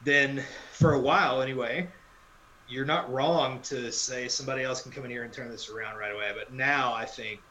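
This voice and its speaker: A man's voice: mid-range voice, steady tone, moderate pace, bright, forceful tone, roomy sound, slight background noise, poor audio. A man co-hosting a podcast, talking casual sports in a rambling, wry way and often correcting himself mid-sentence. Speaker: podcast co-host.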